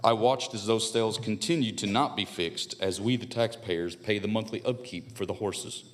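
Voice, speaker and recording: Older man reading a measured statement. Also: fairly low pitch. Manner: earnest and measured, with a repeated refrain. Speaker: public commenter. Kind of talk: reading a prepared public statement. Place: county board meeting room at a podium.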